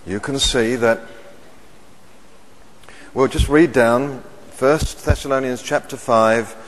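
A middle-aged man preaching a sermon, measured and emphatic, repeating his key phrases. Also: mid-range voice, fairly even intonation. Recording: long hall reverb.

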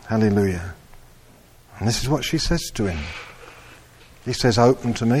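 A man preaching a sermon, slow and animated, rising to loud emphatic peaks. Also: mid-range voice, slight background noise.

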